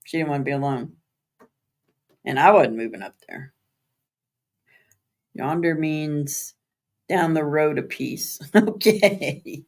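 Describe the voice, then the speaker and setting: A woman's voice: low voice, slow, pauses often, darkish tone. Chatty woman hosting a late live stream. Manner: chatty, laughs often, answers viewer comments by name; spells out words letter by letter. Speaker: livestream host. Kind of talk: casual live chat with viewers. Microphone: streaming setup.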